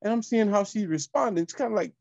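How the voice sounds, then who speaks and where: High-energy man telling stories. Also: fast, creaky, dry recording, muffled recording. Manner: high-energy, animated, addresses listeners as y'all. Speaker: real estate coach. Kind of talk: motivational storytelling.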